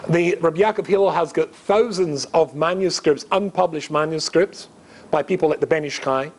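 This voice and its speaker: A man's voice: a little high, normal speed. A middle-aged man from Scotland, a rabbi giving a humorous storytelling lecture, chatty and joking with asides to the audience. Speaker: rabbi and guest speaker.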